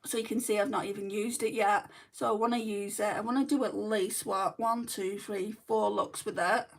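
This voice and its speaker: Creaky-voiced Lancashire woman, chatty. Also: medium pitch, fairly even intonation, moderate pace, far from the mic. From Lancashire, England. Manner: rambling, candid, frequent ums and asides. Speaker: beauty vlogger. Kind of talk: chatty livestream makeup talk, reading viewer comments. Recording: voice set back from the mic.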